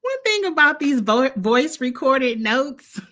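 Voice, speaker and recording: A woman's voice: high voice, big pitch swings, slow pace, pushed and bright. A woman from Illinois with a blended Midwestern and Southern US accent, giving a blunt, sassy, opinionated recap of reality TV in casual chat. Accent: Midwestern US mixed with Southern US. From Illinois, USA.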